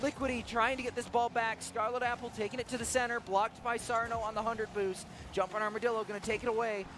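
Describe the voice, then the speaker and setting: A man doing play-by-play commentary on an esports match, excitable and quick to laugh. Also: noisy background. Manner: excitable, laughs often, shifts between hype and low chat. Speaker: esports caster.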